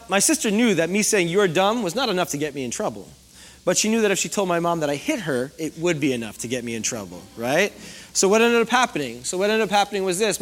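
A man's voice: high voice, fairly bright tone. A young man preaching a sermon to a congregation, chatty and storytelling, often asking the room questions. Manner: conversational, asks the congregation questions. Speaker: pastor. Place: church hall before a congregation.

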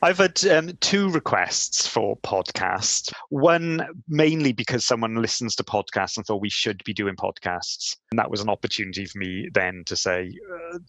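A man with a somewhat low voice, recorded dry and close. He is a guest on a podcast panel and gives measured, practical answers. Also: a bit bright, no echo. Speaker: podcast guest, internal communications professional. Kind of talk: casual panel discussion.

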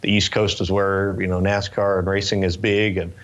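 A man in his twenties from Northern California, telling stories in a relaxed interview chat with lots of fillers and restarts. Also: low-pitched, moderate pace, muffled recording. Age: 20s. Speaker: interview guest, race car driver.

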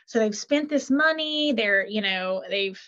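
A woman speaking as a guest and relationship coach, animated and quick, often acting out bits of dialogue. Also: on the high side, muffled recording. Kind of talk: casual interview talk.

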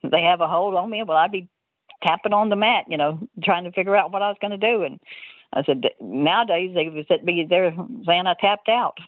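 A woman's voice: lowish voice, fairly quick, no echo. An older woman telling stories as an interview guest, rambling and laughing often mid-sentence, heard over a tinny phone line.

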